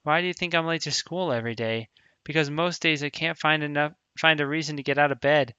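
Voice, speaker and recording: A quietly sad teenage schoolgirl from a visual novel, cheerful on the surface and hiding depression inside, read aloud by a man in his own bright, smooth voice. She speaks softly and in a subdued way, close to the mic in a dry, dead space. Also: a little high, fairly even intonation, fairly quick, no echo, lo-fi sound.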